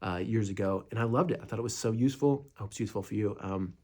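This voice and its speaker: Relaxed low-voiced man teaching meditation. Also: very fast. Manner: relaxed, rambling, many fillers and restarts, acts out quoted friends. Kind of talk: casual spoken teaching.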